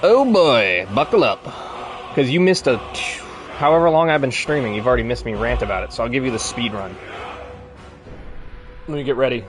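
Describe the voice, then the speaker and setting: A man's voice: medium pitch, animated, fairly quick, long pauses, over music. Rambling, swearing male streamer. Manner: rambling, swears freely, ranting. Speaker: live streamer. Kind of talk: casual live-stream chat.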